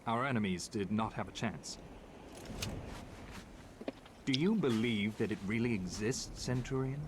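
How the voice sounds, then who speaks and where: A man's voice: fairly low pitch, unhurried, lightly acted. An actor playing a deferential Roman soldier who addresses his officer respectfully in a video game. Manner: respectful, admiring. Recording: game audio with noisy backdrop.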